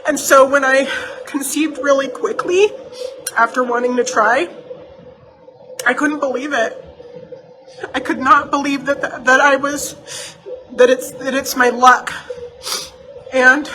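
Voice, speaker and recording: A woman's voice: sits high, fairly even intonation, a little slow, pauses often. Heartfelt rambling woman, motor hum behind. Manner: heartfelt, rambling, repeats herself. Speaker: doll shop owner and vlogger. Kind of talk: casual chat to camera. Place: indoor doll shop room.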